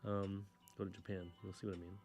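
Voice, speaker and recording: A man's voice: low voice, level tone, fast talker, a little mellow, soft background music. A young man casually chatting while he draws, rambling and correcting himself as he goes. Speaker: artist drawing on camera. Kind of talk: casual chat while drawing.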